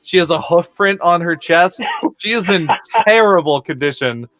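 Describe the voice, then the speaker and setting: Guy gm-ing a tabletop game, bright voice, kinda high, goofy vivid descriptions. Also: animated, no echo. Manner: playful, quick rulings and vivid descriptions. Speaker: game master.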